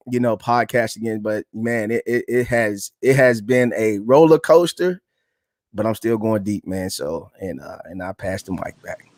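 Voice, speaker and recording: A man's voice: mid-range voice, darkish tone, no echo, clean studio sound. A man in his thirties, a podcast co-host, telling a personal story in a casual, earnest and reflective way, often calling the listener "man".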